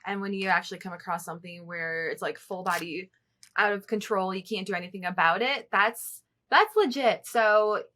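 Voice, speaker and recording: A woman co-hosting a podcast, telling stories in an animated, casual way and swearing freely. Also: medium pitch, normal speed. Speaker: podcast co-host. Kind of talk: casual chat.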